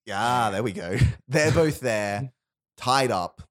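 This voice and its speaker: A man's voice: mid-range voice, expressive, dry recording, studio quality. A man casually telling a long story on a podcast, rambling with restarts and laughs. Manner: rambling, restarts, laughs often, quick asides. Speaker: podcast host pitching a film idea.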